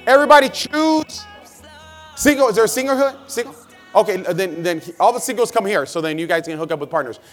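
High-pitched man hyping a convention crowd. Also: brisk, faint music behind. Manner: energetic, shouting crowd directions. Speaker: motivational speaker at a sales convention. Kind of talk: live motivational seminar. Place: large convention hall with a crowd. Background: crowd of hundreds.

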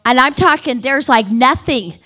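A middle-aged woman telling a funny personal story to a live audience, animated and dramatic, building tension with repeated phrases. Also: measured pace. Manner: animated, dramatic, repetitive build-up with wailing high quotes. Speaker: speaker at a women's gathering.

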